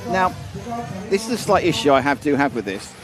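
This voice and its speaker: A man's voice: a little high, big pitch swings, brisk, over music. A British man co-hosting a racing live stream, chatty and self-mocking, often laughing. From United Kingdom. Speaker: race stream co-commentator. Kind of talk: casual live-stream chat.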